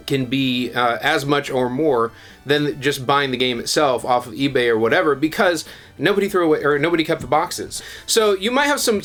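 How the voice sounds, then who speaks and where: A man hosting a video channel, giving a casual how-to tutorial in a relaxed, chatty way with plenty of ums and uhs. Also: on the high side.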